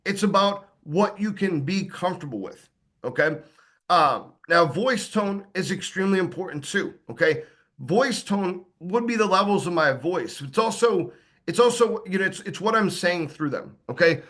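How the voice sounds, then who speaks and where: A man's voice: sits high, animated, moderate pace, fairly bright tone. A man giving a casual sales training talk, acting out sample lines of dialogue, with plenty of fillers and restarts. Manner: conversational, acts out sample dialogue, many fillers.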